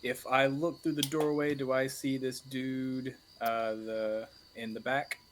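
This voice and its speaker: A man's voice: medium pitch, level tone, slow, slight background noise. A man playing a tabletop game, counting out moves and swearing at his dice rolls in a laid-back way. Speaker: player. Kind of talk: casual tabletop play.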